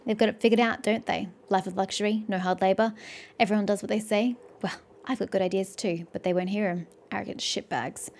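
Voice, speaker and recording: A woman's voice: mid-range voice, fairly even intonation, fairly quick, vocal fry, a little mellow, close to an everyday voice. A woman voicing a surly, arrogant male bricklayer who rants indignantly and boasts of his own genius, with faint game music behind. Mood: scornful.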